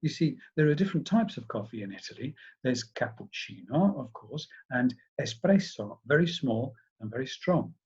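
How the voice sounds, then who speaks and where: Brief: man reading as a young eager student, higher and keen, husky, dull lo-fi. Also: expressive, moderate pace, hardly any pauses, darkish tone. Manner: eager, know-it-all explaining.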